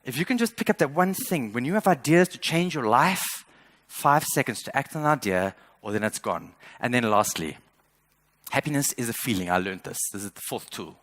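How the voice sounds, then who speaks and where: A man's voice: mid-range voice, lively intonation, moderate pace, fairly bright tone, no room sound. Earnest man speaking on stage. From South Africa. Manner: earnest, emphatic, repeats words when building a point. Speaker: motivational speaker. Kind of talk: keynote speech.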